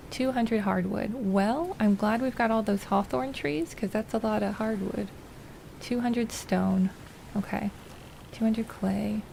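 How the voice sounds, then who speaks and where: A woman streamer chatting casually and excitably as she plays, thinking aloud. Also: mid-range voice, vocal fry. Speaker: game streamer. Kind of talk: casual gameplay commentary. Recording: noisy home recording.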